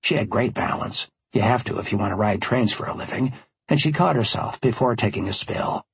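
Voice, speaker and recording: Male audiobook narrator, wry first-person storyteller, gravelly, studio-dry. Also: mid-range voice, a little fast, no room sound. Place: recording studio. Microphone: studio microphone.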